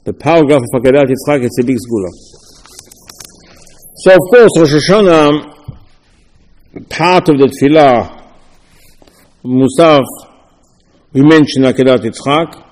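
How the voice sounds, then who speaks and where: A man giving a Torah lecture as a rabbi, arguing back and forth through rhetorical questions in a lively, animated way. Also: mid-range voice, measured pace, long pauses, in a large hall.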